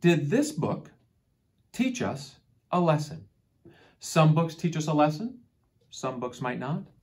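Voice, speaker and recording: A woman reads a children's picture book aloud in a slow, unhurried way. Her voice sits a little low, yet her pitch swings widely and playfully through each line. She sounds like a patient teacher. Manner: expressive, deliberate storytelling. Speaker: children's storyteller.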